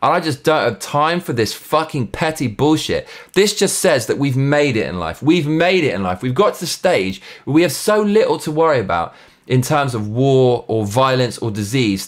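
On his own show, a man unloads a sarcastic, foul-mouthed, blunt rant at a moderate pace, his mid-range voice making big pitch swings. Reviews get read aloud in a mock Russian accent.

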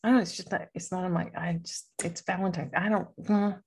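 This podcast host speaks quickly in a fairly low, steady voice over slight background noise. Her talk is loose and playful, full of rambling tangents and frequent laughter.

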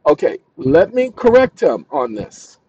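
A man hosting his own channel, reading legal definitions aloud and breaking off to shout insults at an AI assistant in a ranting commentary. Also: fairly high pitch, big pitch swings, unhurried, slightly rough, lo-fi sound. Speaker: channel host.

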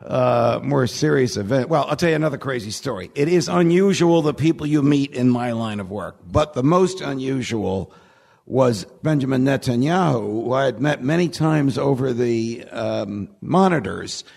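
Laughing at his own jokes, this wry guest speaker tells funny anecdotes in a conference lecture from a podium mic, the big hall echoing around him. His voice is mid-range, gravelly, darkish and slightly rough, animated at a moderate pace.

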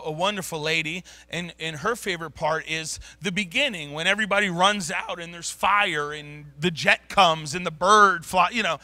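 A man preaching a sermon, telling stories in casual slang and swinging from low mutters to loud bursts. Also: dry recording. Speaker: pastor. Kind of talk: sermon storytelling. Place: church sanctuary.

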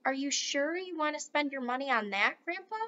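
An eager, polite young boy, as a woman reading aloud puts him on, earnest and hushed. The voice is high and bright, and the storybook recording sounds slightly muffled and lo-fi. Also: animated, fairly quick.

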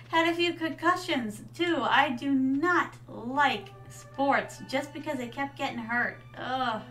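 A woman's voice: high-pitched, unhurried, few pauses, a bit bright, distant mic, faint music behind. A woman streaming a farming game, chatting casually and calling her viewers darlings. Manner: chatty, reads game lines aloud, addresses chat as darlings. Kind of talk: casual gameplay chat.

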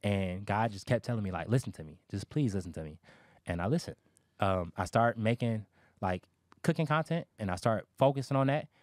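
A man's voice: on the low side, lively intonation, fairly quick, no echo, clean studio sound. A man in his thirties telling his life story in a casual interview, candid and emphatic, swearing freely.

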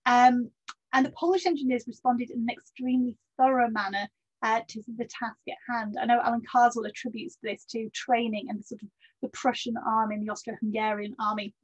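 A woman delivers a history lecture in a higher-pitched, slightly husky voice, steady and measured, with many ums and the odd dry aside. The sound is dull and lo-fi. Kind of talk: public history talk.

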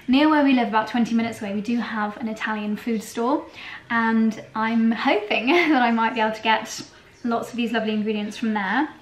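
A young British woman with a slightly high voice chats in a bubbly, giggly way while she makes a drink in her kitchen. She talks to her viewers casually and throws in playful made-up words. The kitchen gives her voice a roomy echo, with a faint hum in the background. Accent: British English. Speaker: lifestyle vlogger. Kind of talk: casual kitchen vlog chat. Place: home kitchen.

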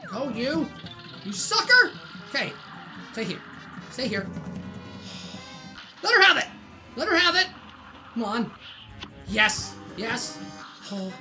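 A woman gamer narrating her own play with excitable, exclaiming reactions. Her voice is very high and swoops around a lot, though she talks unhurriedly. Loud game music plays under her. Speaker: gaming channel host. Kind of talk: let's play commentary.

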